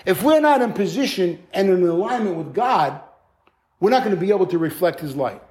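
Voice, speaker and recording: High-voiced animated male preacher. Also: a little fast. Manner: animated, conversational preaching with playful acted asides. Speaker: pastor. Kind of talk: sermon.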